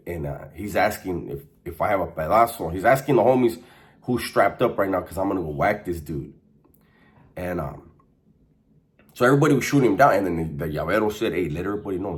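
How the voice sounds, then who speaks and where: A man telling a prison story in a casual, slangy monologue, laughing now and then. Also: low-pitched. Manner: laid-back, slangy, laughs while telling. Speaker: storyteller recounting prison life.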